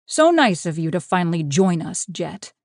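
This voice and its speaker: A woman's voice: lowish voice, sing-song, normal speed, darkish tone, dry recording, studio quality. A woman doing a stern male pack leader. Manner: stiff, clipped.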